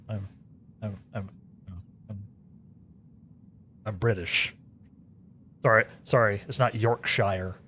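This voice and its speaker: An American man with a lowish voice streams a game and chats casually with his viewers, rambling, repeating words, and tossing asides to the live chat. There's a little hiss or hum in the recording.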